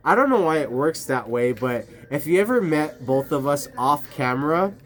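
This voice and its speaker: A man's voice: on the high side, expressive, moderate pace. Man rambling and swearing to camera. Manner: rambling, profane, laughs a lot. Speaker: vlogger. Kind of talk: casual rambling talk to camera. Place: outdoors at night.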